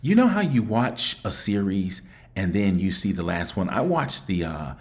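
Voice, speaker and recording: A man with a fairly low voice hosts a call-in show in a casual, chatty manner. He thinks aloud, turning his words over reflectively and often circling back to repeat himself. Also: sing-song, normal speed. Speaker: show host.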